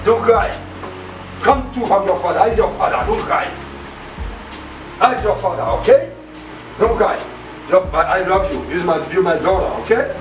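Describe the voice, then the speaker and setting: A man's voice: sits high, moderate pace, pauses often, over music, natural voice. An actor with a Bahamian accent playing a hot-tempered but doting father, emphatic and repetitive, in a film. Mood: upset, pleading. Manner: emphatic, repeats himself, broken grammar. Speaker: actor in a low-budget feature film. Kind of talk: naturalistic film acting. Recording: roomy, distant, with background noise.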